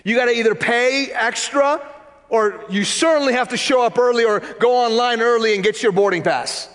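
A man preaching a sermon, telling a story in a lively, conversational way and acting out the voices of people in it. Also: very high-pitched, normal speed, big-room sound. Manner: animated, conversational, acts out quoted voices. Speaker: pastor.

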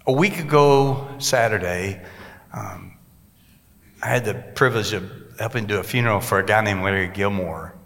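A pastor tells a story from the pulpit, acting out the people he quotes. His voice is bright and forceful. It rings with the long reverb of a large sanctuary. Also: fairly low pitch, moderate pace. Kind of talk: sermon storytelling.

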